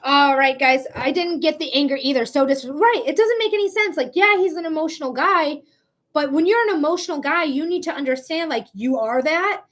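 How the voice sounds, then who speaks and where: A woman's voice: sits high, fairly quick, a bit bright. A woman hosting a live psychic reading stream, chatting casually in a blunt, profane way with frequent laughs. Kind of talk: casual livestream chat.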